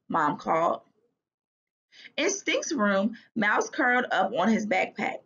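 A woman teacher reads a children's storybook aloud with expressive, lively delivery. Her voice is slightly husky. The recording sounds a little dull and lo-fi. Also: mid-range voice, slow pace. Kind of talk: reading a children's book aloud.

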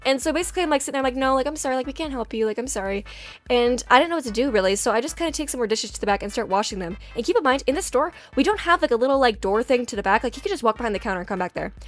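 A young woman telling a story in a casual, chatty way, full of "like" fillers and animated asides. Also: on the high side, racing, hardly any pauses.

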